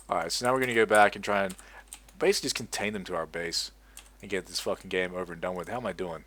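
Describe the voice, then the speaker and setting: A man's voice: low-pitched, quick pace. A young man telling a rambling story full of swearing, then commentating his own game in a casual way. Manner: swears a lot, rambling and animated. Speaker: gaming video creator.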